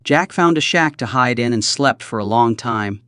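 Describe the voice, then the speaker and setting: Male recap narrator, animated scripted storytelling, close dry read. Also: medium pitch, moderate pace, dry recording.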